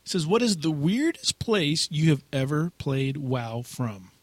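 Man, podcast host, playful, teasing, lively pitch, dry close mic. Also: a little slow, no room sound. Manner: playful, teasing, laughs often. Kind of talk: casual chat.

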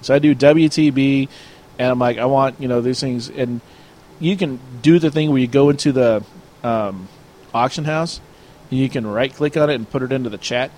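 A man's voice: mid-range voice, normal speed, darkish tone, slight background noise. A man chatting casually, telling a long story and acting out both sides of an argument. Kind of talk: casual chat.

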